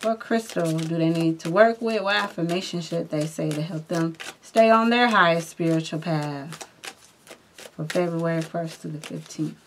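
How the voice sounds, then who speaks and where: A woman giving a spiritual tarot reading, who talks viewers through guided breathing and reads cards with lively, chatty asides. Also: deep voice, slight background noise. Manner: slow, soothing guided breathing, then excited and laughing at the cards. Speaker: tarot reader.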